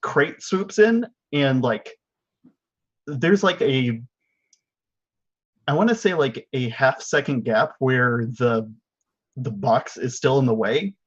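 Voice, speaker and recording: Slow rambling man, muffled audio. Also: mid-range voice, expressive, slightly rough. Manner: rambling, lots of "like". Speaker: player. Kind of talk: describing character actions in a tabletop game.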